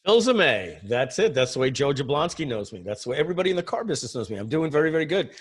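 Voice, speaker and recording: A man's voice: medium pitch, expressive, rapid-fire, slightly rough. A middle-aged man whose first language is French, presenting on a webinar over a video call in a chatty storytelling way with many fillers. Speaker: guest presenter.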